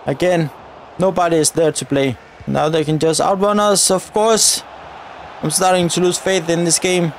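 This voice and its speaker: Excitable high-voiced man commentating gameplay. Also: moderate pace, a little hiss or hum. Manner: excitable, shouts at players and referee. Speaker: gaming YouTuber.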